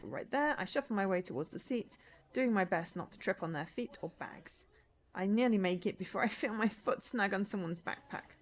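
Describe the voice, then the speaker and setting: A woman streaming a visual novel, reading the story aloud and breaking in with chatty asides. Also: medium pitch. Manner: lively, chatty asides between read lines.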